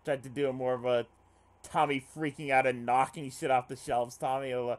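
A man's voice: medium pitch, fairly even intonation, a little fast. Swearing man reading a game aloud. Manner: swears often, reacts aloud. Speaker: let's play streamer. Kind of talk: reading a visual novel aloud with commentary.

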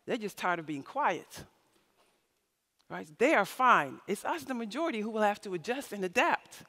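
Bright-voiced woman giving a keynote. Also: mid-range voice, moderate pace. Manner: expressive storytelling, acting out quoted voices. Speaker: keynote speaker. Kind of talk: conference keynote speech. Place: large conference hall. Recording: reverberant hall.

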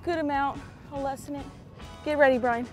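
A young woman vlogging from a fishing boat outdoors, chatting casually and bursting into excited shouts. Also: sits high, moderate pace, soft background music. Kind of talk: casual vlog commentary.

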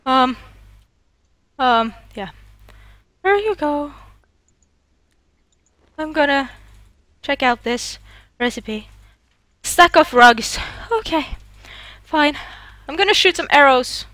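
Very high, excitable woman gamer. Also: takes it slowly, pauses often, dry recording. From Norway. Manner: excitable, panicky shrieks. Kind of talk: let's play co-op commentary.

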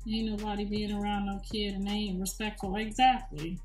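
A woman's voice: mid-range voice, flat delivery, fairly quick, a little mellow. A middle-aged woman hosting a casual livestream chat, blunt and profane, laughing often. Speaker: show host. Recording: echoey room, distant mic, faint music.

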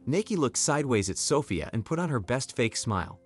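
Brief: male narrator, scripted story read, lively pitch, faint music bed. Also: fairly quick, breathy edge.

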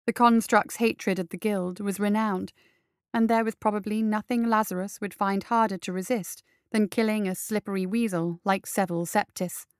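A woman narrating an action story in a steady, measured reading. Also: medium pitch, clean tone, no room sound, studio quality.

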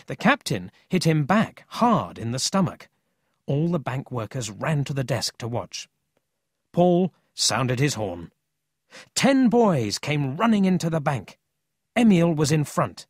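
A man narrating a children's storybook in a slow, expressive reading. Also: husky, no echo, clean studio sound. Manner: slow, expressive, lively pitch. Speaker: audiobook narrator.

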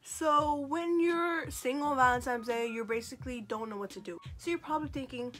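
A woman's voice: high voice, a bit bright. A woman vlogger chatting casually to camera in a sassy, joking, self-mocking way. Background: faint background music.

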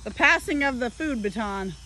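A woman's voice: fairly high pitch, lively intonation, moderate pace, sharp tone, slight background noise. A woman at an animal rescue, talking to her animals in a cooing, sing-song baby-talk voice for a casual vlog.

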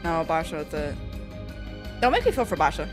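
A woman's voice: sits low, big pitch swings, a little fast, soft background music. A young woman hosting a reaction video, chatting casually and breaking into shrieks and laughs.

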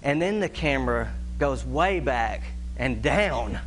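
A man's voice: mid-range voice, expressive, slow pace, a little hiss or hum. A middle-aged man, preaching a sermon in a folksy storytelling way, chuckling at his own tale and mimicking animal calls. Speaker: pastor.

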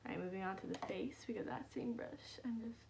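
A woman's voice: mid-range voice, brisk, creaky, darkish tone, slight background noise. A young woman, chatting casually and rambling with self-deprecating humor in a vlog filmed on her phone at home. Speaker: vlogger. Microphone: phone camera.

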